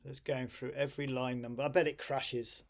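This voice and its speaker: A man's voice: medium pitch, flat delivery, a little fast, gravelly. A tired man casually thinking aloud on a live stream while he waits on an old home computer to finish a job.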